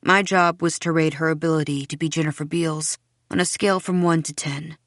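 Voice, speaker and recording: A woman reading an audiobook in a soft, intimate first-person telling. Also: low voice, steady tone, a little fast, no echo, clean studio sound. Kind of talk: scripted audiobook narration.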